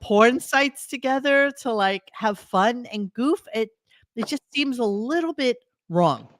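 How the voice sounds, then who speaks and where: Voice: medium pitch, expressive, unhurried, fairly bright tone, no echo, clean studio sound. A podcast host in a casual interview chat who asks probing, insinuating questions.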